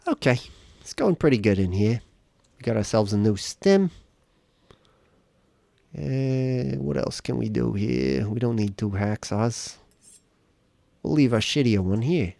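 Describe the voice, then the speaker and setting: A man's voice: medium pitch, unhurried, vocal fry, pauses often, mellow, no echo. A man streaming a survival game live, joking and chatting casually to the characters on screen.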